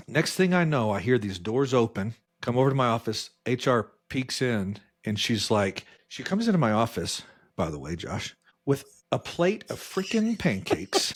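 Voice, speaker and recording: A man co-hosting a podcast, telling a work story in casual chat and jumping his voice up high when he quotes people. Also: sing-song, normal speed. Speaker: podcast co-host.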